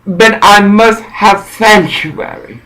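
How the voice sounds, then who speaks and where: A man giving a rambling, preachy monologue in an intense, halting way that circles back and repeats phrases. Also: high voice, sharp tone, low-quality recording.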